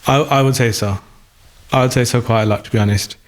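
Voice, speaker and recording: A man's voice: medium pitch, steady tone, fast. A man in a conversational interview, speaking thoughtfully with hesitant restarts, his voice still recovering after an illness. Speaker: guest musician.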